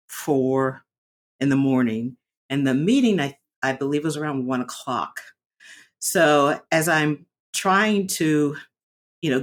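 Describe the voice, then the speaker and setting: A woman speaking candidly in a personal vlog, reflective and earnest, often pausing and restarting her sentences. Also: low-pitched. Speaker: vlogger sharing a personal story.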